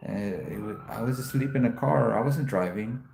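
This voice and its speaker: A man hosting a casual livestream chat, telling a profane story and jumping his voice up high whenever he quotes himself. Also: normal speed, creaky, darkish tone, echoey room. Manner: profane storytelling, voice jumps up when quoting himself. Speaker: livestream host.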